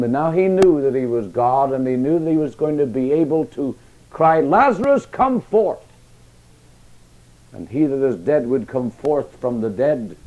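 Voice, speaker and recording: A man preaching a sermon, passionate, with emphatic rises and hushed, quiet drops. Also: medium pitch, dull audio.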